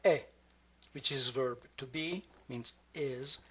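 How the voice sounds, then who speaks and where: A woman teaching pronunciation, modelling each word slowly and deliberately. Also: extremely low pitch. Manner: slow, deliberate, drawn-out modelling of words. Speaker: language teacher. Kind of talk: slow pronunciation lesson. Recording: muffled lo-fi recording.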